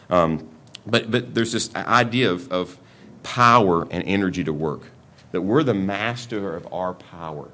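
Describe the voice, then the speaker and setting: A man's voice: sits low, sharp tone. A middle-aged man preaching a sermon in a conversational way, often repeating words as he restarts his sentences. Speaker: pastor.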